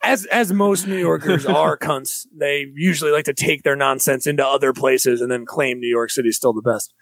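A man's voice: a little high, fairly even intonation, normal speed, gravelly, fairly bright tone, no echo. A man, a comedian, rambling and joking crudely in casual podcast chat, with many restarts.

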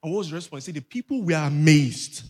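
A man's voice: fairly high pitch, animated, quick pace, a little mellow. A man preaching a sermon as pastor, emphatic, repeating phrases and asking the congregation rhetorical questions.

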